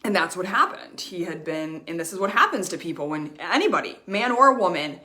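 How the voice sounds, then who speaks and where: A woman's voice: lowish voice, very animated, a little fast, pushed and bright. A woman life coach speaking earnestly on a live stream, repeating phrases for emphasis as she shares a personal story. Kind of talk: personal motivational talk. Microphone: streaming mic.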